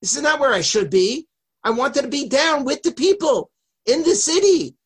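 God lamenting, played by a man, anguished crying voice, raised and husky. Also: high voice, animated, moderate pace, bright, forceful tone, exaggerated voice. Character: grieving God weeping over his lost house.

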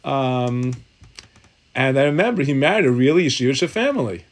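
A man's voice: medium pitch, lively intonation, moderate pace. A man teaching a Talmud and halacha class in a synagogue study hall, thinking aloud, often restarting sentences and mixing Hebrew terms into his English.

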